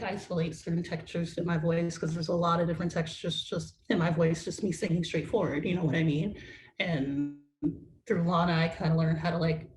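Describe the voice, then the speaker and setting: A young adult woman, a musician guest in a casual interview, rambling with constant "like" fillers. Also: fairly low pitch. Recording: roomy echo with faint noise.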